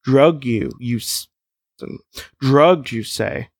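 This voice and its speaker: A man voicing a huge, menacing caretaker in a low, slow, pirate-like growl, reading from a gamebook. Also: dry recording, full character voice. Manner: low, slow, gruff delivery.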